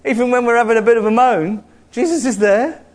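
Brief: male preacher, high voice, animated sermon with humor. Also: a little fast. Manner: animated, jokey preaching with mocking put-on voices.

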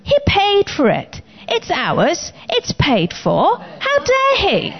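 A woman's voice: wildly swooping pitch, takes it slowly. Emphatic woman preaching. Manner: emphatic, declaring commands with rising pitch. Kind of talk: sermon. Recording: slightly dull lo-fi recording.

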